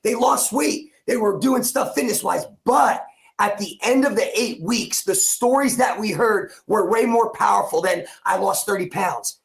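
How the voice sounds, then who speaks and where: Unhurried and gravelly, his voice sitting high, a New Jersey coach in his forties tells an emotional personal story as a podcast guest. He's intense and repetitive, and he performs the lines he quotes.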